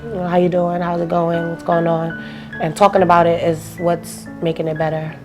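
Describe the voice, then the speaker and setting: A woman's voice: lowish voice, level tone, normal speed, over music. A young woman speaking as an interview guest, telling a personal story in a loose, casual way and acting out the phone calls she describes.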